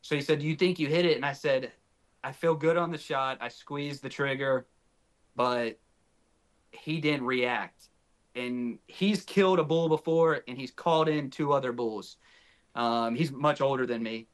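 This podcast guest, a young north Texan, speaks in a medium-pitched voice at an unhurried pace. Telling a story casually, he gets animated and performs the quoted lines of dialogue.

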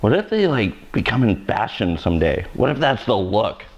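Male stylist host, blunt joker, swoops up and down a lot, low-set voice. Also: sing-song, moderate pace, highs cut off. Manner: wisecracking, self-mocking, blunt. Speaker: hairstylist host of live haircutting show. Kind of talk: live haircut tutorial with joking banter.

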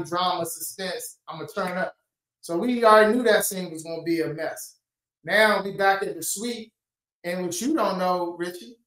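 A man's voice: sits high, a bit bright. A man telling reality show stories as a guest in a laid-back, slangy way. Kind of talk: casual interview chat. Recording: roomy echo.

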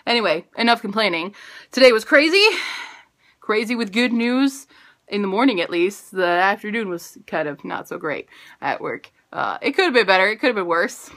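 A woman's voice: mid-range voice, animated, moderate pace, a bit bright. A woman in her twenties talking casually in a video diary, bubbly, rambling and self-mocking. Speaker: vlogger.

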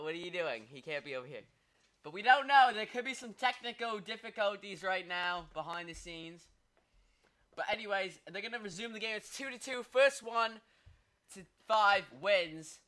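Young guy doing goofy fake sports commentary, high bright voice, yells at goals. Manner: rambling, joking, bursts into excited shouts. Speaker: host, mock sports commentator. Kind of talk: comedic mock sports commentary.

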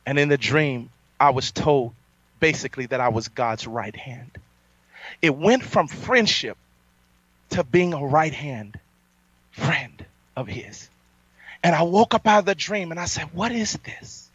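A man preaching a fiery sermon, boastful and defiant, his voice climbing to loud peaks. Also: fairly high pitch, expressive, unhurried, long pauses, husky, no room sound. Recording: dull lo-fi sound, dry.

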